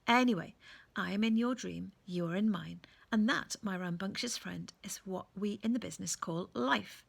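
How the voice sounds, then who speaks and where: A woman's voice: medium pitch, normal speed, gravelly, slightly rough. A woman reading aloud and voicing a learned, chatty, courteous male owl with a playful, wordy manner. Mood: genial.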